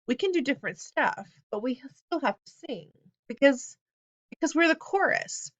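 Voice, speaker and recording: A woman reads out a young boy in charge of a school choir, earnest and bossy in a storybook reading. His voice sits a touch higher than the narration and turns commanding. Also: lively intonation, moderate pace, muffled recording. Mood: stern. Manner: pleading then commanding.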